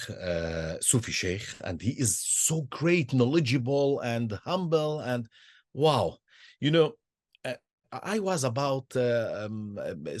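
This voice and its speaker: Older halting man, husky. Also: medium pitch, no room sound, studio quality. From Israel. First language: Arabic. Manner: halting, with many repeated words and restarts. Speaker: Sufi sheikh and peacemaker. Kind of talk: personal storytelling talk.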